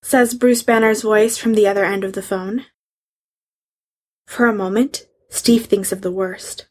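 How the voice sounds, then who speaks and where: A woman reading a fan fiction story aloud, in a hushed and emotional storytelling manner. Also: medium pitch, fairly even intonation, unhurried. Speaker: reader.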